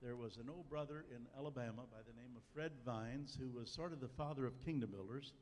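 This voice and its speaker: Older preacher in a reverberant hall. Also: male voice, medium pitch, brisk, a little mellow, a little hiss or hum. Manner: folksy storytelling with dry humor. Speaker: pastor. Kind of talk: sermon. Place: church sanctuary. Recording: long church hall reverb, faint ambience.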